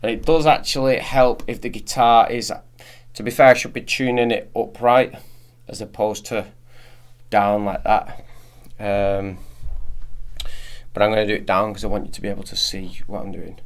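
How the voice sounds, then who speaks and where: A man's voice: lowish voice, fairly even intonation, moderate pace, smooth. A man giving a casual, step-by-step guitar setup tutorial, often restarting his sentences. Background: guitar playing.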